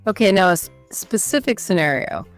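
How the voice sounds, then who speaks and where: A woman's voice: medium pitch, animated, fairly quick, faint music behind. A woman co-hosting an educational podcast, walking listeners through study steps one by one in an upbeat chatty way. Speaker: podcast co-host. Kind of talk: scripted educational podcast chat.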